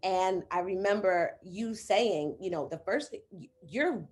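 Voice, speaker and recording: A woman in an interview, a coaching client who tells her story lively, acting out quoted conversations. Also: measured pace. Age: adult with children. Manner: animated, acts out quoted dialogue with big pitch jumps.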